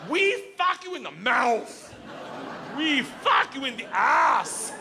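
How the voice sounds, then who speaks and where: Man doing a shouting Russian gangster. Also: very high-pitched, big pitch swings, slow, a crowd in the background, background noise, pitched above the performer's own voice, heavily acted. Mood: belligerent. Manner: loud, crude, shouting.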